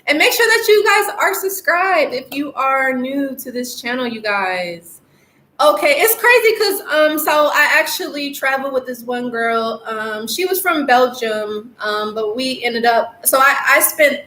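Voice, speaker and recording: Woman life coach on a live stream, rambly, lots of ums, kinda high voice, echoey room. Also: a bit bright. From United States. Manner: rambling, lots of fillers, laughs often. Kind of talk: casual live-stream chat reading viewer comments. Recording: echoey room with faint noise.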